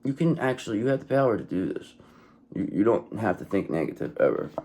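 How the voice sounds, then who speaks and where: A man's voice: lowish voice, sing-song, fairly quick, mellow, breathy edge. A man giving a casual tarot reading, blunt and profane, who keeps checking in with "okay". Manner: blunt, profane and repetitive, often says okay. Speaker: tarot reader.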